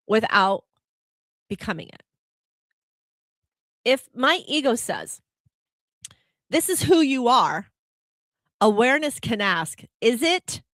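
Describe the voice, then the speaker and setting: A woman's voice: a little high, no room sound, studio quality. A woman hosting a reflective spiritual talk show, who often puts rhetorical questions to the listener. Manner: animated, laughing when telling about herself. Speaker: podcast host.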